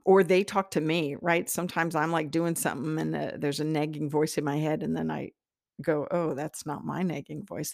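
A woman's voice: sits low, vocal fry, no room sound, studio quality. A middle-aged woman talking in a chatty teaching style, laughing often and restarting her sentences. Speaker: spiritual teacher. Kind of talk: casual teaching talk.

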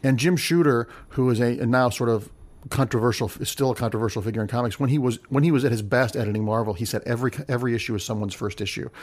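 An opinionated man talks about films in casual chat. His voice sits in a middle pitch, and he grows animated and mocking as he argues. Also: fast. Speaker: film discussion panelist.

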